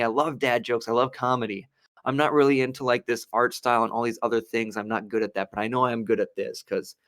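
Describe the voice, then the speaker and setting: A man's voice: medium pitch, dry recording, clean studio sound. A young man from Wisconsin, co-hosting a podcast, chatting casually and acting out quotes as he tells a story. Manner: animated storyteller, acts out quotes. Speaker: podcast co-host. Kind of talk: casual chat.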